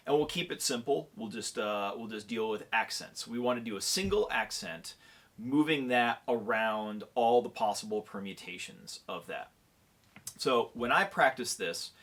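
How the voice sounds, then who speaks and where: A man's voice: mid-range voice, fairly bright tone. A man giving a percussion lesson who counts beats aloud and keeps checking in with the listener. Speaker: percussion clinician. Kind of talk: instructional demonstration.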